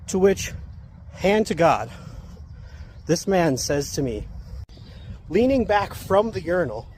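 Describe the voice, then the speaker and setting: A soft-spoken man telling a funny story in a casual, wry way while out on a walk. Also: fairly high pitch, big pitch swings, takes it slowly, long pauses, slight background noise. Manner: self-described soft-spoken, wry and amused. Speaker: vlogger. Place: outdoors on a walk.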